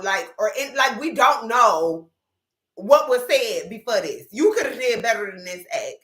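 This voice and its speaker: Woman commentator, bright tone, roomy sound; blunt, opinionated, profane. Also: a little high, normal speed. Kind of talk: casual reaction commentary.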